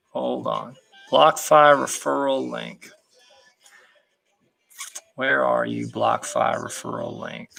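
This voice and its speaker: A man's voice: medium pitch, creaky, pushed and bright. A man hosting a casual livestream, hyped and boastful, talking in slang and answering viewer comments.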